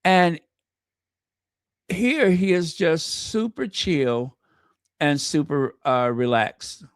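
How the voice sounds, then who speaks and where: A man talking his viewers through clips in casual commentary, gushing and chatty, often stopping to correct himself. His voice sits a little high and he takes his time, recorded close and dry. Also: extremely slow, no room sound. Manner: chatty, gushing, many fillers and self-corrections; talks directly to viewers. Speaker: royal news commentator.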